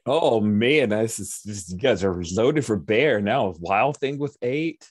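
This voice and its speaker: A man's voice: lowish voice, lively intonation, measured pace, no room sound, studio quality. A man narrating a tabletop game as game master, chatty and enthusiastic.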